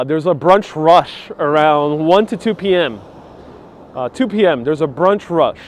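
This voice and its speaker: Strolling a city street on a live walking tour, a man chats in a relaxed way and reads comments from viewers. His voice is a little high, and his wireless clip-on mic carries a bit of hiss or hum.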